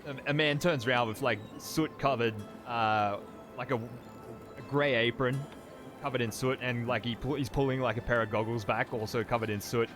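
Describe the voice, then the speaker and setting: A man narrating as game master of a tabletop game, halting with fillers and restarts. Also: medium pitch, fairly even intonation, music in the background.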